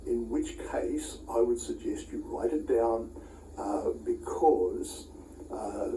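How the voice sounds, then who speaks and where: Male lecturer, chatty with dry asides and lots of uhs; warm dark tone, distant mic in an echoey room with faint ambience. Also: medium pitch, takes it slowly, a little hiss or hum. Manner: conversational, with dry asides and frequent uh fillers. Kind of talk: recorded Bible college lecture. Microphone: camera recording.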